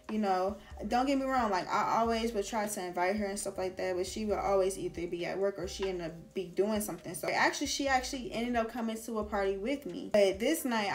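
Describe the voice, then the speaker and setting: A young woman vlogger telling a casual storytime, slangy and chatty with lots of "like" and "girl". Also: mid-range voice.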